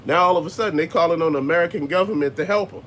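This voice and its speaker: A man's voice: on the high side, racing, fairly bright tone, slight background noise. A man hosting his own commentary video, ranting bluntly with plenty of profanity and emphatic jabs. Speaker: host.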